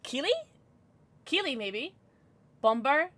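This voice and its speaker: A young woman streaming live, chatting casually with her viewers and squealing with excitement as she reads chat. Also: high voice, slow pace, slight background noise. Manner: chatty, bubbly, squeals when reading chat.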